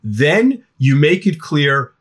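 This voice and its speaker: A middle-aged man, a guest expert on teen parenting, speaking in a podcast interview with an animated manner. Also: fairly high pitch, slow pace, breathy edge.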